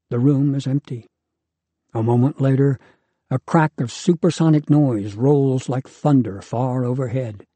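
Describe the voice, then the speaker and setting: Man reading a novel aloud, husky voice. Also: medium pitch, warm tone, dry recording. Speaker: narrator. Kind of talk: audiobook narration.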